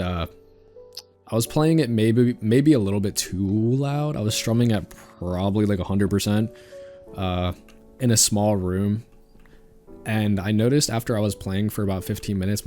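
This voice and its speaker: A man with a low voice talks loosely over his gameplay as a channel host. His talk rambles and is full of fillers and the odd "dude". Faint music plays behind him. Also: darkish tone. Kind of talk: casual commentary over gameplay.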